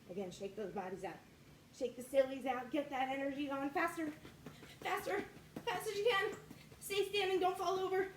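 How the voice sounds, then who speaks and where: A woman's voice: sits high, darkish tone. Upbeat woman coaching little kids. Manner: upbeat, sing-song coaching of young kids. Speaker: kids martial arts instructor. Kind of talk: leading a children's exercise class. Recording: echoey room with faint ambient noise.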